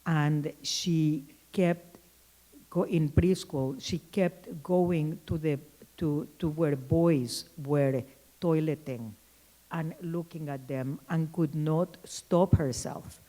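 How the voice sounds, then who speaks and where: A woman giving a conference keynote lecture, telling anecdotes in a thoughtful way with frequent pauses and restarts. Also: sits low, steady tone, dark tone, low-quality recording. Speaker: keynote speaker.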